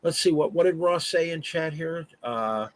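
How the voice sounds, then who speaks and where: A man's voice: on the high side, normal speed, no room sound, poor audio. A man who works as an artist and voice actor, chatting casually as a guest on a live stream, full of "uh" fillers and restarts. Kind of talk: casual interview chat. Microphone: remote live stream call.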